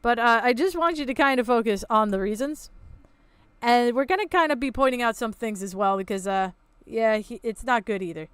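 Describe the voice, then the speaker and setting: A woman's voice: fairly high pitch, brisk, clear, resonant tone, no echo. A woman hosting a reaction commentary, ranting in a sarcastic, exasperated way and swearing freely. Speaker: commentary channel host.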